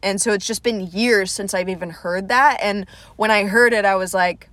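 A woman's voice: medium pitch, fairly even intonation, moderate pace, few pauses, a bit bright, no echo. Young woman, comedian hosting a solo podcast, rambling and self-deprecating, casual swearing, mid-range voice, dry room. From Atlanta. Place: small room at home, lights went out.

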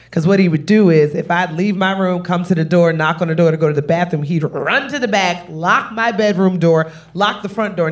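A woman comedian telling a brash, profane, animated story on stage. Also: lowish voice. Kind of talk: stand-up storytelling. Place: live comedy show.

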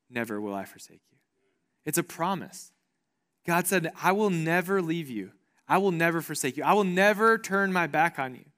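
A man preaching a sermon as pastor, earnest, repeating phrases for emphasis and dropping low and soft on the promises.

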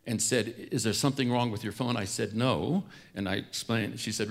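Older male storyteller, mid-pitched, humorous, plays out the voices he quotes. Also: vocal fry. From California. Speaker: speaker. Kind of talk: storytelling talk.

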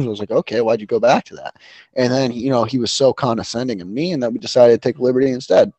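A man's voice: mid-range voice, fast, warm tone, breathy edge, no room sound, dull audio. A man co-hosting a casual sports betting chat, rambling and profane with lots of fillers. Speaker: podcast co-host.

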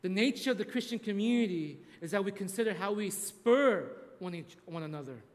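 High-voiced man preaching in an echoing hall. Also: expressive, brisk, hardly any pauses. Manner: conversational, repeats "right?", restarts often. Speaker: pastor. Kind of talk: sermon storytelling.

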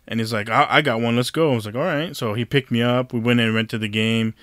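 A man's voice: medium pitch, fairly even intonation, fast, fairly bright tone, dry recording. A man telling a rambling story in casual chat, swearing and restarting his sentences with lots of fillers.

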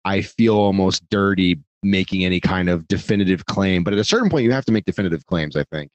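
A man's voice: low voice, fast talker, no echo, dull audio. A man talking casually on a podcast, rambling, swearing freely and poking fun at himself. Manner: rambling, profane, self-deprecating. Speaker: podcast guest.

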